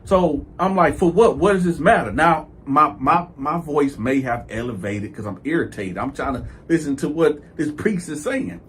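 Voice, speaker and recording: A man telling a story for his video channel, animated and profane, stammering through repeats and acting out what others said. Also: a little high, normal speed, hardly any pauses, slight background noise. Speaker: YouTube storyteller.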